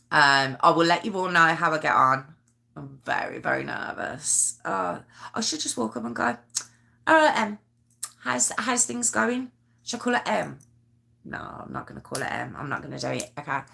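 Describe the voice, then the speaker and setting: Nervous rambling woman, bright voice. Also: on the low side, creaky. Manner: nervous, rambling, self-deprecating, stammers and restarts. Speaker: YouTube true crime host. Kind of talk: casual live-stream chat with viewers.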